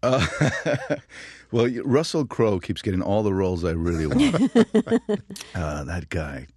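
A man, an actor being interviewed, telling stories from his career in a lively, laughing way and acting out other voices. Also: lowish voice, takes it slowly, husky, dry recording, studio quality. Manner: animated, laughing, acts out voices in anecdotes. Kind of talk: casual storytelling.

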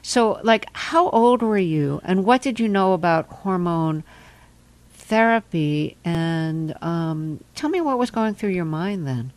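A woman interviewer who calmly sums up the guest's story before asking her question. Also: fairly low pitch, slow pace, dry recording. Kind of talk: radio interview.

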